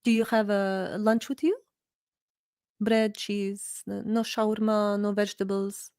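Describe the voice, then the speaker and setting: A woman's voice: mid-range voice, steady tone, measured pace, darkish tone, clear, resonant tone, dry recording, studio quality, close to an everyday voice. A woman voicing a nosy, meddling middle-aged auntie who asks sugary, prying questions. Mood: prying sweetly.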